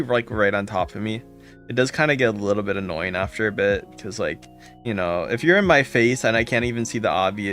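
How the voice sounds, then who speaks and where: A man's voice: lowish voice, a bit bright. A man streaming a game live, chatting casually and greeting viewers by name with repeated thanks.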